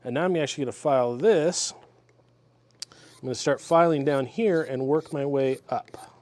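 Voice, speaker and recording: A man talking through a guitar repair step by step in his workshop, relaxed and methodical as he works with his hands. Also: medium pitch, normal speed. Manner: relaxed, methodical, talks while working with hands. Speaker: luthier demonstrating a repair.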